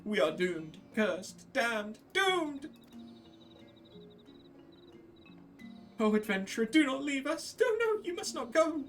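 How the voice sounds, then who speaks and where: A cowering little kobold frets and pleads, repeating itself as its voice climbs into high, panicky wails, as a man reads the game lines aloud. The delivery swings widely in pitch. Faint music plays underneath. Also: very animated, measured pace, fairly bright tone, far from the mic, heavily acted. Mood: panicked. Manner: repetitive, wailing, pleading, pitch jumping high. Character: fretful cowering kobold, male, small. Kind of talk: reading game dialogue aloud.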